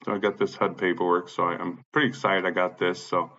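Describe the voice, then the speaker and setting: An agitated Illinois man, a tenant fed up with his apartment complex, delivers an angry rant, swearing constantly and saying he's high. His bright, forceful voice moves quickly with little pitch variation, captured on a slightly dull, lo-fi recording.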